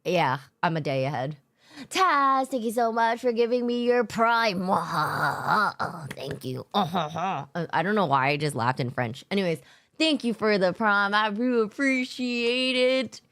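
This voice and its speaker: A woman's voice: medium pitch, big pitch swings, normal speed, fairly bright tone. A woman streamer chatting casually with her viewers after work, tired, loose and giggly, swearing freely and greeting chatters by name. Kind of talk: casual chat with live viewers.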